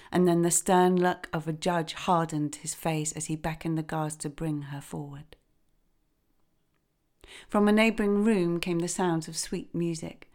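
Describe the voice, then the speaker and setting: A woman narrating a traditional folk tale with a gentle, expressive reading. Her voice sits on the low side for a woman. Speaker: storyteller. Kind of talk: storytelling narration.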